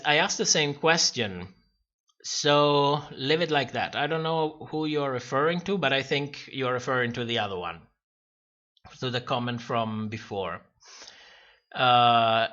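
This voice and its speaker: A man's voice: mid-range voice, sharp tone. Chatty man hosting a livestream, lo-fi sound. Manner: chatty, rambling, laughs often, many restarts. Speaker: livestream host. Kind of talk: casual livestream chat reading comments.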